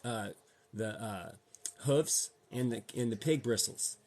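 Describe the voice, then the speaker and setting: A man's voice: medium pitch, takes it slowly, a little mellow. A man vlogging a casual rant, slangy and profane, heated and repetitive as he talks to his viewers. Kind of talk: casual ranting monologue.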